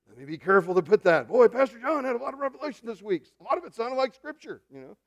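Preaching pastor, hushed to booming. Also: male voice, sing-song, quick pace, few pauses. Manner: swings from hushed murmurs to loud preaching, joking asides. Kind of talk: sermon.

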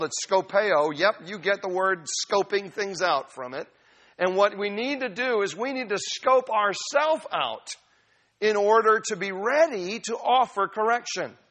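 A man's voice: high voice, a bit bright. A middle-aged pastor preaching a sermon to his congregation in a conversational, emphatic way, mixing in personal stories. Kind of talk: expository sermon.

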